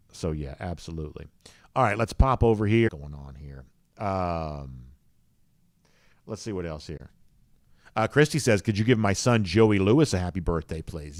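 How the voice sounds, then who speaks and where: A man's voice: low voice, normal speed, long pauses, dry recording, studio quality. A man hosts a live show, reading viewer comments in an easygoing, rambling way with many fillers. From rural US South. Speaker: podcast host.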